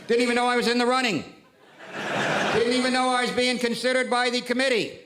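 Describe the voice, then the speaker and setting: A male stand-up comedian bragging in a mock-boastful way. His voice is high. Noise is clearly heard behind him. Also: steady tone, quick pace.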